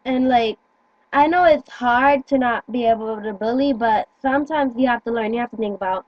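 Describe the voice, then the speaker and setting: A woman's voice: a little high, moderate pace, no echo, dull audio. A teenage girl talking earnestly into a phone in casual chat, rambling and stumbling over her words. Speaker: teen vlogger.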